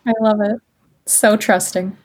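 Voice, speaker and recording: A woman's voice: medium pitch, fairly even intonation, a little slow, darkish tone. A woman co-hosting a podcast, reacting to the story with wry jokes and mock outrage. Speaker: podcast co-host. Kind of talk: casual chat.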